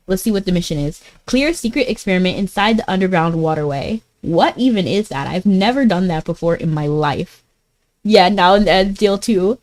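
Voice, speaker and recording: A woman's voice: mid-range voice, expressive, moderate pace, a little mellow, low-quality recording. A woman streaming a game, chatting casually and giggling as she answers her chat. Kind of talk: casual live-stream chat while gaming.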